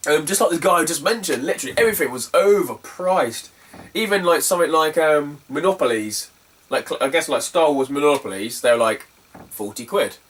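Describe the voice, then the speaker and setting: A man's voice: a little high, lively intonation, fairly quick, fairly bright tone, distant mic. A man telling a story casually to camera, chatty and sweary with lots of fillers. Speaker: retro game collector vlogger.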